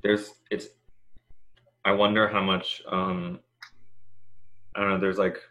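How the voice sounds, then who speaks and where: A man with a very low yet bright-edged voice, reflecting out loud in a conversation. He searches for his words, starting and stopping with many fillers. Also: flat delivery. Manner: halting, thinks aloud with many fillers.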